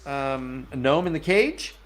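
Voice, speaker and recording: A man's voice: medium pitch, expressive, a little slow. A man casually recapping book chapters on a chat show, loose and joking, sliding into playful character voices and crude asides. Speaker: podcast host recapping chapters.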